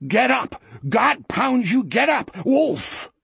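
A man's voice: very high voice, big pitch swings, takes it slowly, gravelly, fairly bright tone, husky, no room sound, voice pushed up, exaggerated voice. A man voicing a shaggy, wolfish herdsman who bellows in frantic panic, in an audiobook reading. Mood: frantic bellowing.

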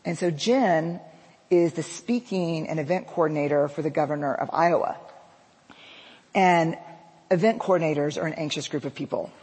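A woman telling a personal story to an audience, lively and acting out the dialogue she quotes. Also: deep voice, moderate pace, slight background noise. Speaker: public speaker. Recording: long reverb of a large hall.

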